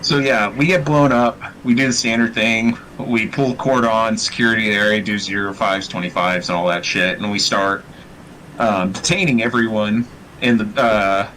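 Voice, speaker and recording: Laid-back, bright-voiced male storyteller. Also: lowish voice, steady tone, normal speed, slight background noise, poor audio. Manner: profane, rambling, laid-back. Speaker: host. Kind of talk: casual storytelling.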